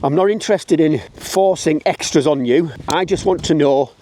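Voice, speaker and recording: A man's voice: fairly high pitch, moderate pace, dark tone, slight background noise. Blunt chatty English man, walking vlog. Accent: British English. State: out of breath going uphill. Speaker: wedding photographer. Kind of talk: casual walking vlog to camera. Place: outdoors, walking uphill.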